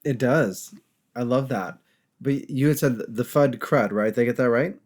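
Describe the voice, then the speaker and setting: A man's voice: mid-range voice, moderate pace, darkish tone. A man hosting an interview, checking his understanding with short questions. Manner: brief, affirming interjections. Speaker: interview host.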